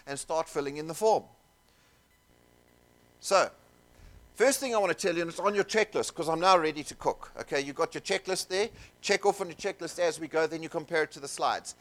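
A man telling stories to a seminar audience, animated and jokey, with asides to the crowd in a conference room. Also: a little high. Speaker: seminar speaker. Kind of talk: keynote storytelling to an audience.

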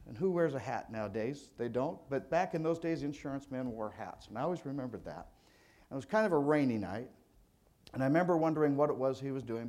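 A man's voice: mid-range voice, a little mellow. An older man from California, an insurance agent giving a motivational speech to a sales audience in a folksy, conversational storytelling manner.

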